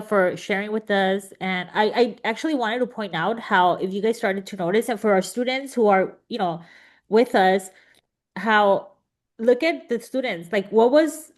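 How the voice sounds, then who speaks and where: Emotional woman moderating a panel. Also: medium pitch. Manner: warm, emotional, chatty with many fillers. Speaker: panel moderator and college instructor. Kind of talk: casual emotional panel talk. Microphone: video call.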